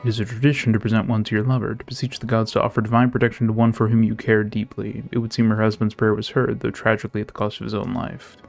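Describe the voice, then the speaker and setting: A man's voice: fairly low pitch, flat delivery, fast talker, gravelly, hardly any pauses, soft background music. A man reading a polite, formal quest-giver. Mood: solemn. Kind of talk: reading game dialogue aloud.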